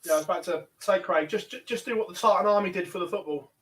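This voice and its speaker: Male darts commentator with a high-pitched voice, brisk and chatty, recorded a bit off-mic. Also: a bit bright, distant mic. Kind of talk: live online sports commentary.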